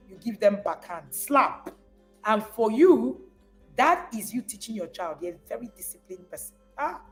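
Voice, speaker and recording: A woman's voice: fairly high pitch, rough recording. A woman giving a live talk as a parenting coach. She speaks with emphasis, repeats phrases to drive points home, and acts out parents as she goes. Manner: repeats words when stressing a point.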